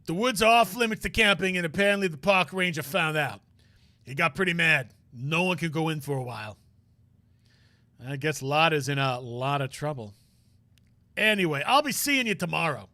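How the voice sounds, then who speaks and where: Guy doing a loud eager detective who calls everyone pal, bouncy and bright. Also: fairly high pitch, expressive, moderate pace, dry recording. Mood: earnest. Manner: boisterous, folksy, calls people pal.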